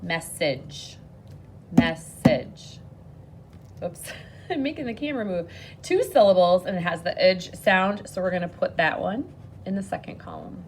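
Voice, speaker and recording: A woman teaching a phonics lesson to children on video, patient and encouraging, speaking slowly and clearly. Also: mid-range voice, sing-song, noisy background.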